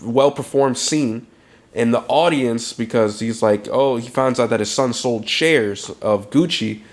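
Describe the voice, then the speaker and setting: A man's voice: medium pitch, unhurried. A man co-hosting a film podcast, talking loosely and with plenty of swearing about movies he saw. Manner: loose, profane, animated film talk. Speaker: podcast co-host. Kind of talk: casual chat.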